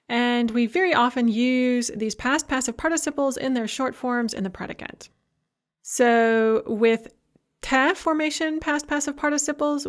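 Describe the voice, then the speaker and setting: A woman giving a recorded language lecture, explaining grammar patiently and slowing down to pronounce example words, with a touch of light humor. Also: a little high.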